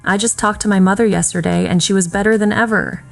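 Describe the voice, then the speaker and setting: A woman narrates a first-person drama in an emotional, dramatic reading. Her voice sits at an ordinary pitch for a woman. Faint music plays under the narration. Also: steady tone, quick pace, creaky. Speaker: audiobook narrator.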